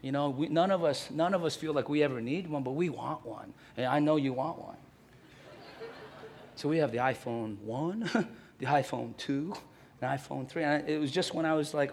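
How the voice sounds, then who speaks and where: A pastor preaching a sermon, telling everyday stories and acting out quotes in hushed asides. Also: male voice, fairly high pitch, moderate pace, creaky, a little hiss or hum.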